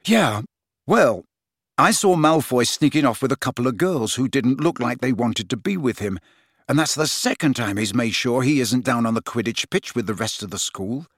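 A man's voice: mid-range voice, animated, moderate pace, dry recording, clean studio sound, natural voice. A man voicing an angry teenage boy. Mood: frustrated. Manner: angry, frustrated. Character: hot-tempered teenage boy team captain. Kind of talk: audiobook character voice.

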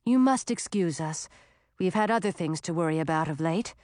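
Brief: gentle grandmother ice dragon, voiced by a woman, steady and kind, dry close sound. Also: on the low side, normal speed, dry recording, natural voice. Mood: apologetic.

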